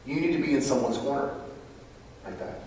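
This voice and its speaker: A man preaching a sermon to a live audience, animated, with loud emphatic bursts and quiet asides. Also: medium pitch, brisk, far from the mic, a little hiss or hum. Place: large room with live audience. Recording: roomy hall, picked up from afar.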